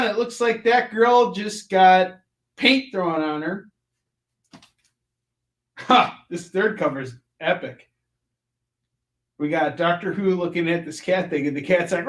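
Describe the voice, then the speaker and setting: A high, bright-voiced man hosts a live sales show in an animated, jokey way. He pitches deals and bursts out with silly shouted sound effects. The room around him is echoey. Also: measured pace, long pauses. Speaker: host of a live comic shopping show.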